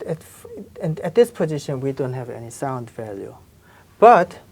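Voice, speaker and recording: A woman's voice: low-pitched, vocal fry, mellow. A woman teaching a language lesson, patiently repeating sounds and checking in with her students. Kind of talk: slow explanatory lesson with spoken examples.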